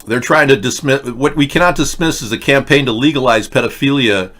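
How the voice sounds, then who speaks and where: A man's voice: medium pitch, a little fast, a bit bright. A man hosting a livestream political rant, sarcastic, mocking and rambling as he talks to his chat. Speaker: host.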